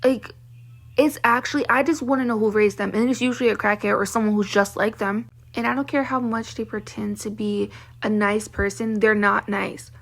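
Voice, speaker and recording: Young woman, raspy voice, somewhat high, angry cussing rant to camera. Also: steady tone, brisk. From Baltimore, Maryland. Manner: heated, profane, venting. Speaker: vlogger. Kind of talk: ranting monologue to camera.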